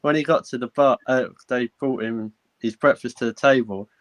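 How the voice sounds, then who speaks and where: A man, a guest on a casual live chat, telling lively anecdotes and acting out the other people in them. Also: medium pitch, moderate pace, dry recording, poor audio. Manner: animated anecdote teller, quotes people. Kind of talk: casual banter.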